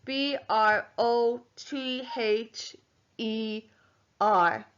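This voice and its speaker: Woman, primary teacher, very slow, smooth clear voice, home phonics lesson. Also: fairly high pitch, a bit bright, highs cut off. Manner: slow, clearly sounding out letters and syllables.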